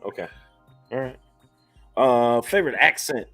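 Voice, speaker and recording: A man hosting a casual interview, easygoing, asking quick questions and agreeing with short replies. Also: medium pitch, a bit bright, faint music behind. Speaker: host.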